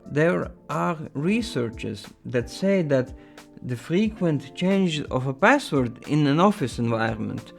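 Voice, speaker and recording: A man's voice: fairly high pitch, very animated, slow pace, gravelly, hardly any pauses, soft background music. A man hosting a casual show, reading viewer emails aloud and adding playful asides. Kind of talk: casual chat.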